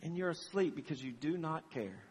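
Middle-aged guy preaching, husky highish voice, big echoey church hall. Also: normal speed. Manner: animated storytelling, acts out dialogue. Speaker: pastor. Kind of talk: sermon.

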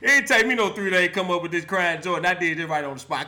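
A man's voice: sits high, fast talker, few pauses, heavy background noise. A man hosting a live call-in sports show, roasting players and fans with playful trash talk and frequent laughter.

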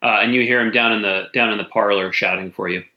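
A man narrating as game master of a tabletop game, relaxed and halting, with many fillers. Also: on the low side, reverberant, highs cut off.

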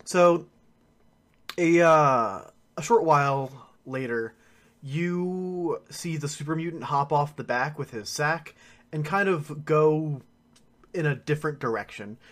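Chatty, filler-heavy game master. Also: male voice, fairly high pitch, fairly bright tone. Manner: casual and filler-heavy, lots of "uh" and "like", quick to laugh. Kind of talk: improvised tabletop game narration.

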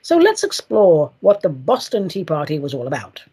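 A woman hosting her own podcast, chatting in a playful, theatrical way and gushing with excitement. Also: low voice, normal speed, slightly rough. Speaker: podcast host.

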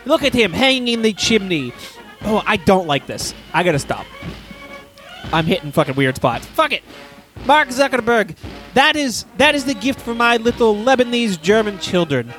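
A man's voice: high-pitched, very animated, moderate pace, fairly bright tone, soft background music. A man improvising crude comedy bits, rambling and laughing at his own jokes.

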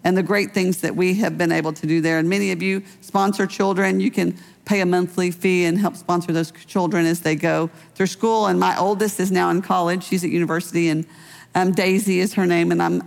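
Gravelly-voiced woman pastor in a reverberant hall. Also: fairly low pitch. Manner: personal storytelling with light laughs. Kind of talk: conversational sermon.

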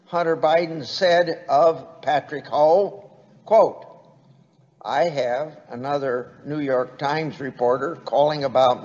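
A man giving a formal prepared speech, reading quotes aloud in a deliberate way. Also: medium pitch. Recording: dull, lo-fi recording in a long-reverb hall.

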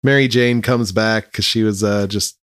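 A man's voice: fairly low pitch, steady tone, normal speed, fairly bright tone, clean tone, no room sound, clean studio sound. Laid-back man chatting about a book. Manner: laid-back, agreeable, laughs often. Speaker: podcast co-host. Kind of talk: casual book review chat.

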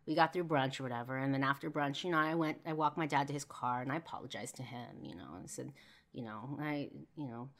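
A woman's voice: rumbling low, fast, a bit bright. A woman hosting a podcast, candidly telling a personal story with lots of fillers and swearing. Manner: candid, profane, full of fillers; heated when reliving arguments. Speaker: podcast host.

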